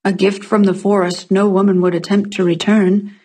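A woman reading the part of a good-natured middle-aged craftsman who teases kindly, in a storybook reading with a breathy voice. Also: medium pitch, little pitch movement, moderate pace, warm tone, close to an everyday voice. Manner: cheerful, teasing.

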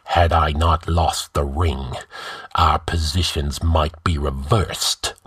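A man's voice: rumbling low, steady tone, slow pace, a bit bright, slightly rough, no room sound, clean studio sound, exaggerated voice. A man voicing a bitter, menacing male sorcerer held as a slave, who growls and mutters with hatred. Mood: bitter menace.

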